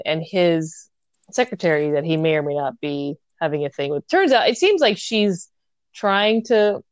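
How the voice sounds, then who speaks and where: A woman with a slightly low voice talks through a book at length, laughing easily along the way. The sound is dry and close, with no room around it. It is relaxed, chatty podcast talk. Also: no room sound. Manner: chatty, laughs often, retells plot at length. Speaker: podcast co-host. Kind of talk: casual book discussion. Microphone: home mic on an audio recording.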